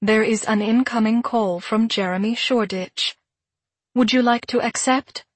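Brief: a woman doing a gentle automated device voice, polite and even, a touch husky. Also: a little high, normal speed, no room sound. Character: soft automated tablet voice, machine.

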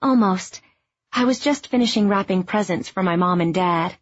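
Woman playing a headstrong young woman, lifted and lively, husky, dull recording. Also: medium pitch, normal speed, close to an everyday voice.

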